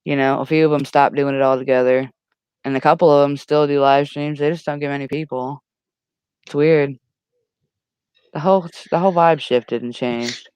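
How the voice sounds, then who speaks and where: Low-voiced woman, dry and close. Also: fairly even intonation, moderate pace, long pauses, a little mellow, clear, resonant tone, no echo, lo-fi sound. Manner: laid-back, laughs and teases back. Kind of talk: casual livestream chat.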